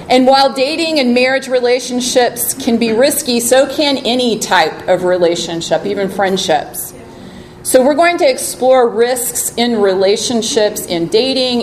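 A woman's voice: a little high, lively intonation, a little slow, a little hiss or hum, rough recording. A woman preaching a sermon in a chatty, conversational way, reading scripture aloud with expression.

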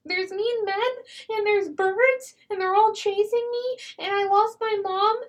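A woman putting on a high, whiny lost-child voice. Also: fairly even intonation, unhurried, distant mic. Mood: pleading, fake scared. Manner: whiny, pleading, breathless run-on sentences. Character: grown woman posing as a scared lost child.

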